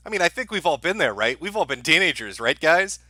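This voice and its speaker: Male stream host, mocking and profane commentary, bright animated voice. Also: on the high side, a little fast, no room sound. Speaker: livestream host. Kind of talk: sarcastic commentary on a played clip.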